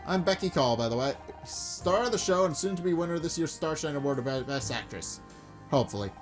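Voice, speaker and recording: A man's voice: a little high, lively intonation, fairly quick, faint music behind, close to an everyday voice. A man voicing a vain, spoiled young actress, snippy and self-absorbed. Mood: smug.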